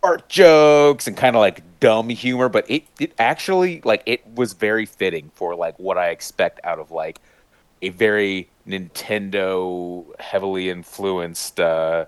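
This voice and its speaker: A man with a very low voice chats casually and eagerly, rambling through fillers and restarts. He sometimes leaps into high-pitched impressions of other voices. The sound is close and dry, with no room echo. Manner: mimics voices with sudden high-pitched bursts. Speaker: podcast panelist. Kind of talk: casual chat.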